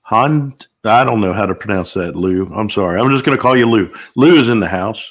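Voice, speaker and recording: An older man runs a casual live chat, reading out viewer names one after another. His tone is upbeat and chatty, with sudden whoops of excitement between greetings. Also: lowish voice, fairly quick. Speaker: livestream host.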